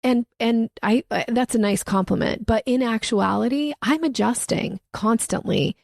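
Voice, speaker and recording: An animated woman sales coach explains her ideas in conversation and acts out the lines she quotes. Her voice has a gravelly, creaky texture. The sound is dry and close. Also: fairly high pitch, moderate pace, no echo. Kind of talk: conversational interview answers.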